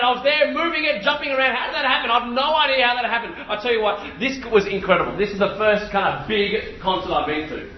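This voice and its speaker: A man in his thirties preaching a sermon, telling stories with lots of energy, repeating phrases and shouting out impressions. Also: very high voice, fast, few pauses, echoey room, muffled recording. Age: 30s.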